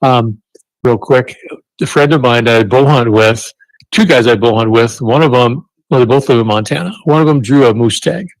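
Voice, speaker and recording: A man's voice: medium pitch, moderate pace, dry recording. A man appearing as a radio show guest, chatting casually and telling a hunting story in an easygoing way. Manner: easygoing storyteller, chuckles at his own hunting tale.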